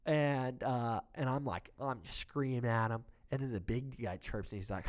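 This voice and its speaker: Man, podcast co-host, animated storyteller, swears a lot, voices the people in his story. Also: medium pitch, normal speed, hardly any pauses. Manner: animated, heated storytelling with swearing and acted-out quotes. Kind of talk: casual storytelling chat.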